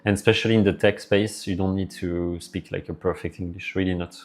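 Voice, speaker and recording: A man's voice: deep voice, little pitch movement, fairly quick. A man with a French accent, live streaming and chatting casually with his viewers, rambling as he answers their messages aloud.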